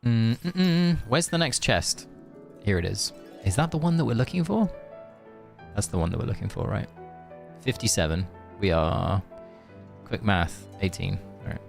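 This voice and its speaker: Male streamer, young adult, casual rambling chat, deeper voice, faint background music. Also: normal speed, gravelly, long pauses. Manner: rambling, chatty, thinks aloud with many fillers. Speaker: game streamer.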